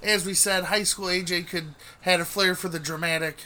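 A young man chiming in on a casual podcast story, acting out quoted lines with big jumps in pitch. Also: fairly even intonation, moderate pace, pushed and bright, a little hiss or hum.

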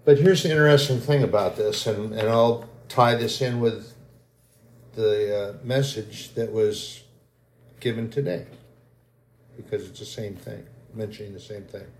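A man giving an emotional, halting sermon testimony as a lay preacher. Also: lowish voice, a little mellow, roomy sound. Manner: slow, halting, grows emotional and choked.

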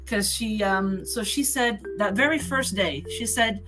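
A woman's voice: medium pitch, unhurried, over music. A woman from Brazil telling a personal story in casual chat, animating it by acting out the people she quotes. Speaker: guest telling her story.

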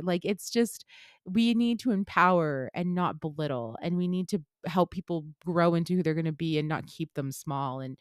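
A woman's voice: sits low, no room sound, studio quality. A woman in her thirties hosting a solo podcast, talking bluntly with plenty of swearing as she gives an impassioned pep talk. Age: 30s. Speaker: podcast host.

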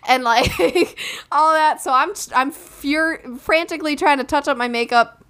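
A woman's voice: high voice, measured pace, pushed and bright. A young woman chatting casually, telling a story with lots of filler words and speaking straight to her listeners. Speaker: podcast co-host and recent bride. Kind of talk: casual chat.

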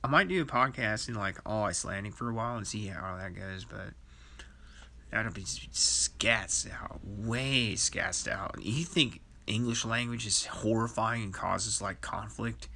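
A man's voice: lowish voice, normal speed, creaky, sharp tone. A man hosting a podcast in a rambling, profane monologue, laughing to himself. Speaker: podcast host.

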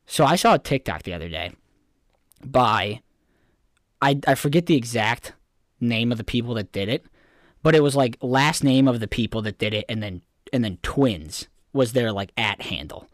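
A man's voice: medium pitch, animated, normal speed, no room sound, clean studio sound. A young man co-hosting a podcast in casual chat, rambling and swearing, getting worked up as he rants. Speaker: podcast co-host.

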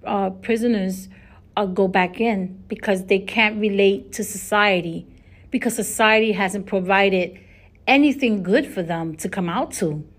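Chatty and earnest, this podcast host delivers a casual solo monologue in a mid-range voice at a slightly slow pace. She frequently starts over and says things twice.

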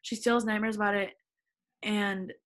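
A woman's voice: medium pitch, level tone, normal speed, fairly bright tone. A woman in her twenties hosting a casual podcast, reading a story aloud with theatrical flair and frequent giggles. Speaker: podcast host. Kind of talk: casual dramatic reading with friend.

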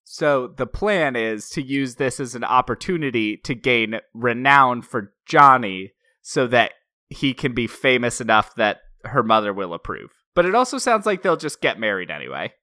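A man's voice: medium pitch, big pitch swings, normal speed, bright, forceful tone, no room sound. A man co-hosting a casual movie-review podcast, dry and chatty. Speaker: podcast co-host.

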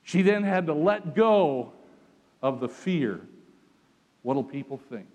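A man preaching a sermon, telling the story dramatically and swinging from hushed lines to loud ones. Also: a little high, animated, takes it slowly, long reverb tail.

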